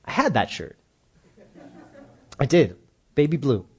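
A man's voice: medium pitch, huge pitch swings, takes it slowly, husky. A man preaching a sermon in a casual, joking way, acting out the voices of the people he quotes. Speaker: pastor.

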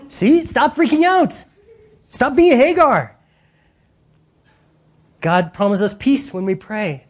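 A man preaching a sermon in an animated, casual way, using slang and acting out voices. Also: sits high, unhurried, long pauses, breathy edge.

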